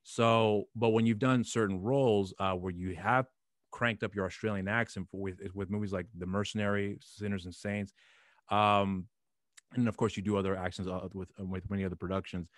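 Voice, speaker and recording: A man's voice: fairly low pitch, fairly even intonation, normal speed, no room sound, studio quality. A man hosting an interview show, asking long questions full of hesitations and restarts, openly a fan. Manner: hesitant, many fillers and restarts, eager fan. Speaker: podcast host.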